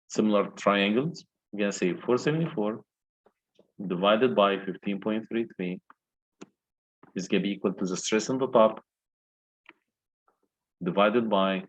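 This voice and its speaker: A man's voice: lowish voice, low-quality recording. A male engineering lecturer walking through calculations step by step and asking the class questions. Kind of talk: recorded lecture walkthrough.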